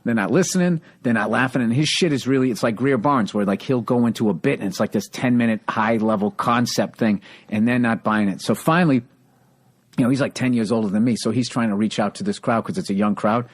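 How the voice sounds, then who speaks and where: Profane storytelling comedian, podcast host. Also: male voice, medium pitch, fairly quick. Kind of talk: casual chat, storytelling.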